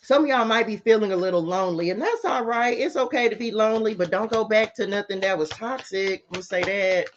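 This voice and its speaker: A woman's voice: mid-range voice, fairly quick, few pauses, slight background noise. A middle-aged woman, giving a casual tarot reading and talking straight to her viewers in a sassy, chatty way. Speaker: spiritual tarot reader. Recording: slightly muffled lo-fi audio.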